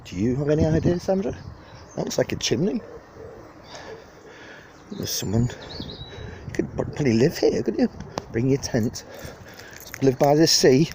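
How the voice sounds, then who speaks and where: A man's voice: medium pitch, unhurried, pauses often. Chatty Liverpool-area man on a park walk. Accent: Liverpool area (Widnes). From England. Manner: chatty, rambling, jokey and lively. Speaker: vlogger giving a walking tour. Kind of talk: casual walking-tour narration. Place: outdoors in a city park. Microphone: handheld phone camera. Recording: phone video outdoors with clear wind and park noise.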